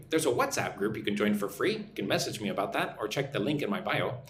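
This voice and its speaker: A man's voice: mid-range voice, a bit bright. American guy teaching english live, bouncy voice, roomy echo, a little hiss behind. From United States. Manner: chatty, reads viewer comments aloud, explains slowly. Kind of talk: live-stream English lesson. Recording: echoey room with faint background noise.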